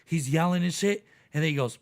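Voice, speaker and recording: A man's voice: fairly high pitch, fairly quick. A man hosting a podcast, telling a story in casual, profane chat. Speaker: podcast host.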